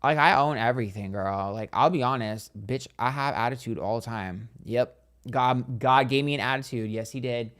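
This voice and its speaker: A man's voice: mid-range voice, normal speed, a bit bright. A young man, a psychic streamer, chatting casually and bluntly while reading viewer comments, with a lot of "like". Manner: blunt, candid, heavy use of "like".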